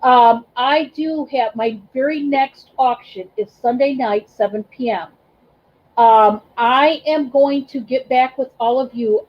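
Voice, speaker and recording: A woman's voice: high-pitched, lo-fi sound. A woman hosting a casual livestream, emotional and effusive, thanking her viewers by name with many ums and restarts. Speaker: livestream host and reseller.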